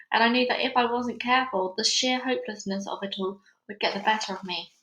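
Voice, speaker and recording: Her voice is on the high side, bright and forceful, fairly quick with fairly even intonation, as she reads a children's book aloud at home. This read-along narrator turns casual and chatty between chapters, recorded in an echoey room of a busy house.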